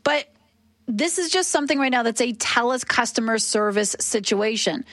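A woman's voice: a little high, lively intonation, moderate pace, a bit bright, no room sound, clean studio sound. A woman, arguing passionately and emphatically as a talk radio host. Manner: impassioned, emphatic.

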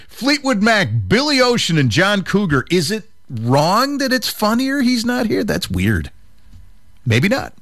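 A man's voice: high voice, huge pitch swings, normal speed, a bit bright, dry recording. A man hosting a radio show, bantering casually and reading out jokes with a laugh. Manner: jokey, reads out jokes with laughs.

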